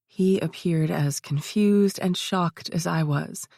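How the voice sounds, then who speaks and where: A woman with a lowish voice reads a first-person audiobook at a steady, even pace. The recording is close and dry, with no room sound. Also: measured pace, hardly any pauses, no echo. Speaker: audiobook narrator.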